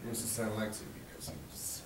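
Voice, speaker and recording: A man answering questions at a convention panel, joking, swearing and laughing often as he tells stories. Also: brisk. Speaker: voice actor, convention panel guest. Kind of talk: casual panel Q&A. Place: large convention hall. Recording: echoey hall, distant mic, loud crowd noise.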